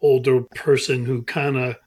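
A man in casual podcast chat, measured and earnest as he makes his point. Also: medium pitch, little pitch movement, darkish tone, husky.

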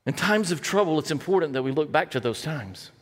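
A man preaching a sermon, rising into an impassioned, animated retelling with many repeated words. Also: brisk, big-room sound. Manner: builds to impassioned, higher-pitched delivery when retelling.

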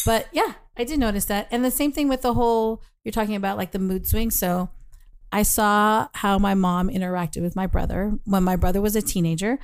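A woman's voice: mid-range voice, a little mellow, clear, resonant tone. A middle-aged woman co-hosting a talk show, sharing personal stories in a candid, self-deprecating way. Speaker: co-host. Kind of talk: casual chat.

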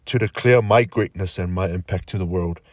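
Middle-aged man, very low voice, dry close sound, earnest spoken-word delivery, slangy asides. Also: a little fast, no echo. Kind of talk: reflective spoken-word monologue.

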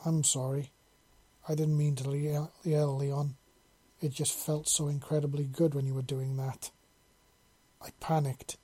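A man reading the part of a sultry, eager female dragon-woman who purrs and teases softly. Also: a little high, little pitch movement, measured pace, breathy edge. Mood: apologetic. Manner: purring, soft and teasing.

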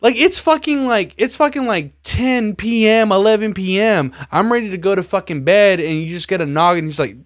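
A man's voice: sits high, moderate pace, few pauses, dry recording, studio quality. Profane storytelling podcast man. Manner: profane storytelling, acts out quoted dialogue. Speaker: podcast host. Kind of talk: casual chat.

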